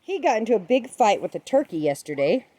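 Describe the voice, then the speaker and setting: A woman's voice: medium pitch, sing-song, a little fast, mellow. A woman filming her poultry outdoors, chatting in a sing-song way and cooing at her birds. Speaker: backyard poultry keeper filming her flock. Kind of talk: casual vlog, talking to her animals. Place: outdoor farmyard with pens in the rain.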